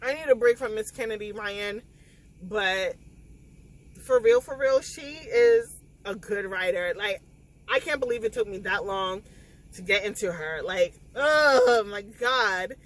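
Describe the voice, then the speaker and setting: A woman, recapping a novel in a casual spoiler vlog, tearful and animated as she acts out the scenes. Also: mid-range voice, a little slow, low-quality recording. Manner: animated, emotional retelling with quoted dialogue. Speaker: book vlogger.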